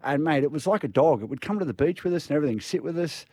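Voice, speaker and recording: A man's voice: a little high, expressive, rapid-fire, a little mellow. A man with an Australian accent telling a rambling, laughing story in casual chat. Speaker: guest storyteller.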